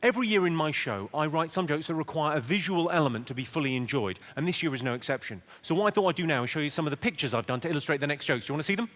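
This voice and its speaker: A man with a southern English accent doing stand-up in a large theatre, trading dry, deadpan one-liners and teasing the crowd. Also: fairly high pitch, rapid-fire, few pauses, slight background noise. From England. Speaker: stand-up comedian. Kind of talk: stand-up comedy with crowd work.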